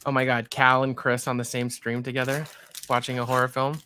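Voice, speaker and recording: A man's voice: mid-range voice, completely flat delivery, brisk, pushed and bright, a little hiss or hum. A man hosting a casual movie watch-along, chatting with enthusiasm. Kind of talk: casual chat.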